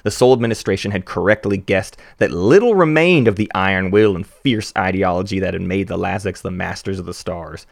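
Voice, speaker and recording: A man putting on an American Southern accent to voice a male spokesman of a rebel human federation, reading game lore aloud in a measured storytelling delivery. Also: sits low, gravelly, no room sound, clean studio sound.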